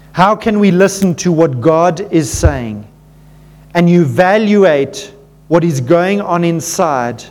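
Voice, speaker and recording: Man, pastor preaching, fairly high voice, earnest, animated, drops to a hush at emotional points. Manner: animated, drops low and quiet for emotional moments; earnest, addresses listeners as folks. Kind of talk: sermon.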